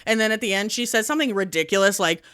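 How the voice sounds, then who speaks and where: A woman's voice: medium pitch, quick pace, a bit bright, clear, resonant tone, dry recording, clean studio sound. A woman co-hosting a podcast, chatting casually and getting heated and indignant, swearing often. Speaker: podcast co-host. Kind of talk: casual chat.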